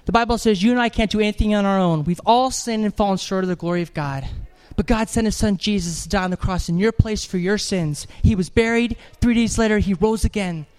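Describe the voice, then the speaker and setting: High-voiced animated man preaching. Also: fairly quick, hardly any pauses, smooth. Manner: animated, joking storyteller acting out voices. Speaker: evangelist preacher. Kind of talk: sermon with storytelling. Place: church.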